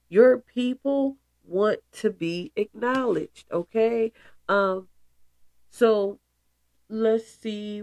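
A woman's voice: medium pitch, darkish tone, no room sound. A woman hosting a spiritual podcast in casual, emphatic talk with playful asides. She is stuffy and congested. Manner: emphatic, playful asides, calls listeners goddesses.

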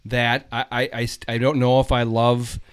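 A man with a middle-pitched voice talks casually about films. He muses and circles around his views, often hesitating mid-thought. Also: little pitch movement, moderate pace, clean tone. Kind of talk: casual chat.

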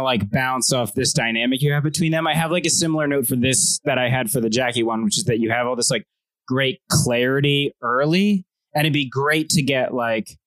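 A man's voice: medium pitch, a bit bright, no room sound. A man giving enthusiastic, loose notes on a comedy sketch.

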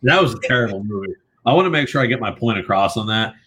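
A man's voice: on the low side, animated, quick pace, a bit bright. A man co-hosting a sports podcast, talking bluntly and conversationally and swearing now and then. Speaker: podcast co-host. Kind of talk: casual sports chat.

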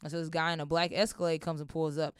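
Young woman, rapid-fire storytelling, smooth clear voice, dry close sound. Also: low voice, no echo. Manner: animated, acts out voices, swears often. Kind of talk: casual storytelling.

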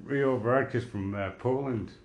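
A man's voice: mid-range voice, normal speed, dull audio. A man from Britain co-hosting a podcast, rambling and swearing in casual banter with many restarts. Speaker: podcast co-host. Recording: roomy echo.

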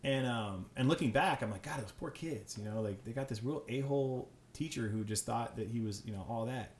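Brief: male teacher guest, rapid animated storyteller, roomy echo, faint room hum. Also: mid-range voice. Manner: fast, animated storytelling with many fillers. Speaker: high school teacher, podcast guest. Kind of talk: casual chat. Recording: echoey room.

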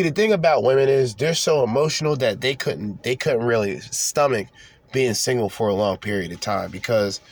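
Young adult male podcast host, sarcastic, profane ranting style, average pitch. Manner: sarcastic, profane, mocking asides. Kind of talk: casual unscripted rant reading articles aloud.

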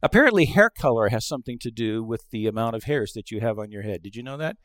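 A middle-aged male pastor delivering a conversational sermon, telling stories and acting out quoted lines, moving between hushed asides and loud exclamations. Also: medium pitch, animated, fast, no echo, clean studio sound. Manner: conversational storytelling with acted-out quotes.

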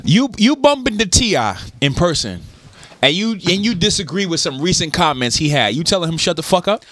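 A man's voice: a little high, sing-song, brisk, fairly bright tone, a little hiss or hum. A man co-hosting a casual podcast, pressing others with teasing, insistent questions. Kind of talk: casual group banter.

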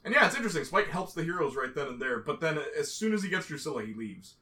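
Casting: young man, bright forceful voice, excitable recapper, slightly distant from the mic. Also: on the high side, a little hiss or hum. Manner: fast, excitable storytelling, slips into quoted voices. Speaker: co-host recapping a TV series. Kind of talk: casual chat.

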